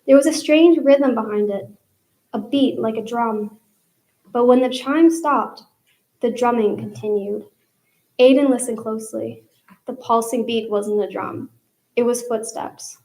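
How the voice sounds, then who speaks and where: A woman's voice: fairly high pitch, darkish tone, low-quality recording. A young woman, a student, reading her own fiction aloud live and polling listeners by show of hands. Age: young adult. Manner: storytelling narration, polling the audience by raised hands. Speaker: student reader.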